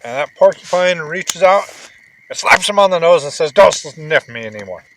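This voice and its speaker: A man's voice: a little high, animated, normal speed, a bit bright, rough recording. Man telling a playful bedtime story outdoors. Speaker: father and vlog host. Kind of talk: camping vlog and bedtime storytelling. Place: outdoors at a lakeside campsite.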